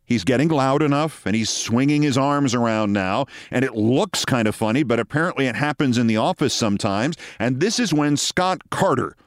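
A man in his sixties hosting a show, telling a story in a measured, dramatic way with wry asides. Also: medium pitch, dry recording, clean studio sound. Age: 60s. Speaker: host. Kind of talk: storytelling monologue.

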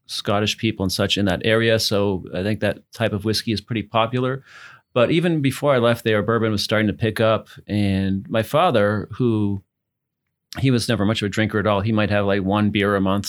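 A man from New England talks in a rambling, easygoing way as a guest at a bourbon tasting. His voice sits a little low, and he pauses often with fillers as he tells his stories. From New England, south of Boston. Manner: relaxed, rambling storyteller with fillers. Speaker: club founder, guest. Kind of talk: casual chat over bourbon tasting.

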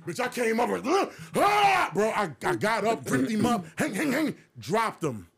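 A man co-hosting a podcast who tells a story in a casual, animated way, with plenty of swearing, and puts on the voices of the people in it. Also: high-pitched, moderate pace, gravelly, slightly rough. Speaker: podcast co-host.

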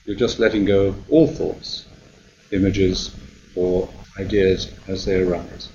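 Calm low-voiced man guiding meditation. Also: highs cut off, slight background noise. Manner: calm, slow, gentle instruction with pauses. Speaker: meditation teacher, Benedictine monk. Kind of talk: guided meditation talk.

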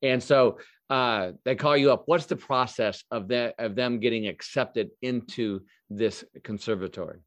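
A man's voice: mid-range voice, unhurried, no echo. A male host asks his questions in a loose, rambling way, full of fillers and restarts, with a mid-range voice. The recording is close and dry, with no room sound. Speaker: podcast host. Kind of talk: casual interview chat.

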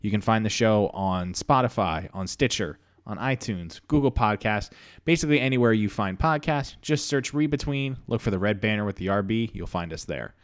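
A male podcast host with a fairly low voice tells a comic story. He talks in an easygoing, chatty way and laughs often. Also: expressive, normal speed, no echo, studio quality. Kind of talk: improvised comedic storytelling.

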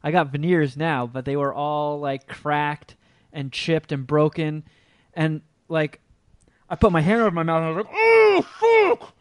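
Casting: male podcast host, slightly high voice, dry close sound, loose rambling storyteller who swears freely. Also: normal speed, smooth, no room sound. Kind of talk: casual chat.

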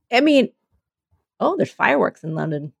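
A woman's voice: fairly high pitch, sing-song, slow, creaky, husky, no echo. A woman co-hosting a casual comedy chat, playful and giggly, who often trips over her words. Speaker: podcast co-host.

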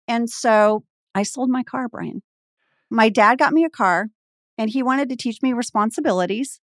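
A woman's voice: fairly high pitch, normal speed, no echo, clean studio sound. A woman in her forties from Texas, guesting on a podcast and telling a story in casual chat, acting out the voices she quotes. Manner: animated, acts out quoted voices.

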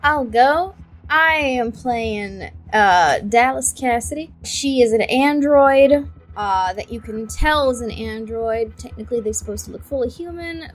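A woman introducing her tabletop game character with a playful, comic delivery. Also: fairly high pitch. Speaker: player.

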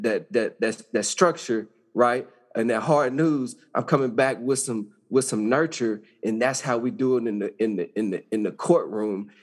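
A man speaking as a podcast guest in a folksy conversational way, often repeating words as he looks for his phrasing. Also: medium pitch. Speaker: guest, judge.

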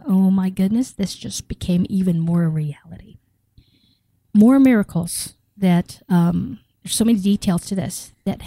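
Middle-aged woman from the Philippines, an interview guest. Animated storyteller who acts out the dialogue. Mellow timbre, dry close sound. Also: medium pitch, no echo, rough recording. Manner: animated, acts out quoted dialogue, laughs often. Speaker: guest telling her story. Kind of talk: personal storytelling.

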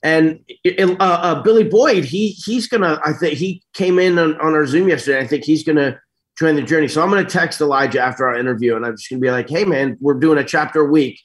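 Brief: middle-aged male guest, slightly high pitch, animated, restarts sentences a lot. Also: quick pace. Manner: rambling, animated, self-interrupting. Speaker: actor interview guest. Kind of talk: casual storytelling interview.

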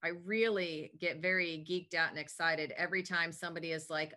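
This woman's pitch is fairly low and her intonation fairly even, and she speaks fairly quickly in a pushed, bright way. The clip is a relaxed interview about her health business, where she comes across as talkative, upbeat and eager.

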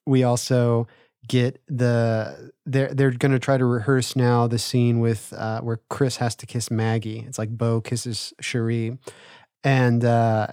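A man's voice: mid-range voice, flat delivery, slow, dark tone, smooth, no room sound, clean studio sound. A man co-hosting a podcast, recapping a TV episode casually with filler words. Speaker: podcast co-host.

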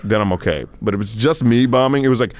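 A man's voice: medium pitch, fast. A man hosting a podcast, telling rambling, profane stories in casual chat and laughing as he goes. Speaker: podcast host.

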